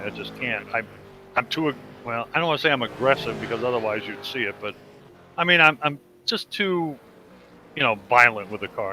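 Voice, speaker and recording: A man's voice: medium pitch, sharp tone, a little hiss or hum. A man co-commentating a sim racing broadcast, talking candidly and rambling about his own driving. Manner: candid, rambling, self-deprecating.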